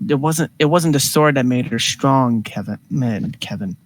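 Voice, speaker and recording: A man playing his character in a tabletop game, speaking earnestly and haltingly. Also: mid-range voice, dry recording, rough recording. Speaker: player.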